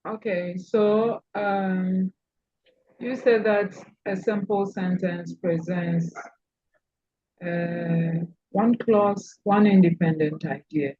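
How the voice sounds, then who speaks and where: A woman's voice: lowish voice, steady tone, takes it slowly, warm tone, slightly rough, dry recording, dull audio. A woman lecturer teaching an online class, calling on students and repeating key points to stress them.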